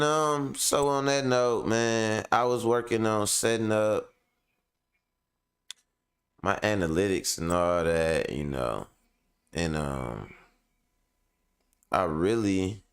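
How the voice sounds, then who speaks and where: A man's voice: fairly low pitch, clear, resonant tone. A man hosting his own online show, venting casually and at length to his viewers in a frustrated, rambling, profane way. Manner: heavy fillers, addresses viewers directly.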